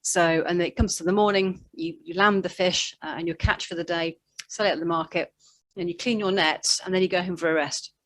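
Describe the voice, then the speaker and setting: A woman's voice: lowish voice, steady tone, brisk, fairly bright tone. Chatty woman preaching. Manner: chatty, storytelling, with fillers and asides. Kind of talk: conversational sermon.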